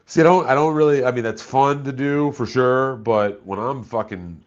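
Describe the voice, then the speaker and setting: A man's voice: medium pitch, moderate pace, lo-fi sound. A man chatting casually on a live stream, laid-back and profane, reading chat messages aloud.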